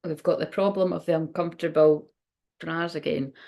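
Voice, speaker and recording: A woman's voice: deep voice, fairly even intonation, normal speed, creaky, mellow. A woman reading oracle cards on a casual livestream, chatty and rambling, often exclaiming and laughing at herself. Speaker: tarot and oracle card reader hosting a livestream.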